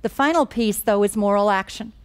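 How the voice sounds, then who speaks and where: A woman's voice: medium pitch, a little fast, clean tone. A woman giving a lecture on moral education, telling stories in an earnest, emphatic way. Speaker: guest speaker on moral education. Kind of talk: lecture with storytelling.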